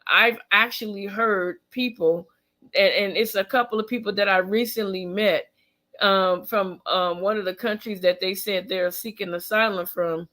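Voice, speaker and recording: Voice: mid-range voice, steady tone, moderate pace, pushed and bright. A tired, yawning vlogger gives pointed commentary on news stories. The speaker reads a passage aloud, then stops to react with strong opinions. The talk is emphatic and loose, full of fillers and restarts.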